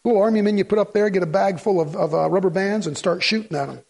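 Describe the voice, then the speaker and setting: A man's voice: sits high, fast talker, creaky, a little mellow. A middle-aged man preaching a sermon in a folksy, emphatic way, firing rhetorical questions at his congregation. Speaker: pastor.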